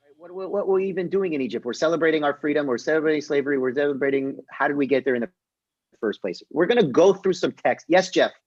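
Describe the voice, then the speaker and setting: Lively young rabbi teaching on a call. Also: male voice, a little high, fast, lo-fi sound. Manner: lively, jokey retelling with voiced characters. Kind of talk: casual online class teaching. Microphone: video call.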